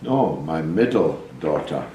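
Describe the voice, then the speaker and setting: Scottish man, sixties, talk host; slow, low, expansive, echoey noisy recording. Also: very animated. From Scotland. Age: 60s. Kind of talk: interview answers.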